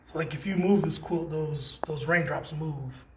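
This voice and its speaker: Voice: medium pitch, measured pace, background noise. Enthusiastic gallery guide, casual walking-tour chatter, indoor exhibit. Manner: enthusiastic, chatty, playful exclamations.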